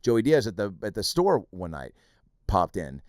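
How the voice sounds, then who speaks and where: A man who hosts a podcast, telling stories in casual, profane chat and jumping between scenes in a quick, animated way. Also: fairly low pitch, no echo, studio quality. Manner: animated, profane, rapid storytelling. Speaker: podcast host, comedian.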